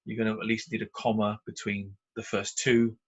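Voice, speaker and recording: A man with a British accent teaching punctuation in a recorded slide lesson, explaining patiently with frequent pauses and fillers. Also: lowish voice, little pitch movement, slightly rough, dull audio. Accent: British English.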